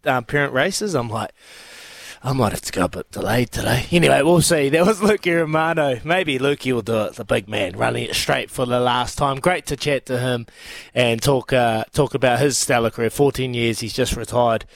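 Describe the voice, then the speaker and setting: A man's voice: mid-range voice, moderate pace, creaky, no echo. A man co-hosting a sports radio show in casual, blokey banter, laughing often.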